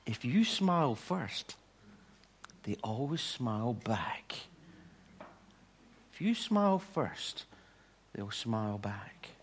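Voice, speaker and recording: A calm little girl letting someone in on a secret, as a male preacher puts her on. Her voice is soft and low, close to a whisper. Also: a little slow, a little hiss or hum. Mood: confiding.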